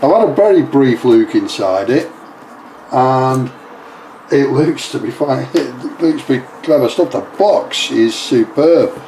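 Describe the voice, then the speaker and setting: A man hosting a casual unboxing video of a model kit, chatty, often restarting his sentences and reading box text aloud slowly. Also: mid-range voice, expressive, warm tone, a little hiss or hum, poor audio. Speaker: scale model hobbyist.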